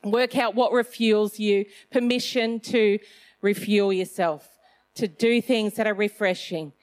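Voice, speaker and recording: A middle-aged woman speaks at a casual Christian gathering, with the easy, rambling flow of someone chatting with friends. Her voice sits at a mid pitch, and she drifts through fillers and half-finished phrases. She pokes gentle fun at herself along the way. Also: fairly even intonation, unhurried. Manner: warm and chatty, with self-mocking humour; loose phrasing with many fillers. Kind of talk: casual faith talk.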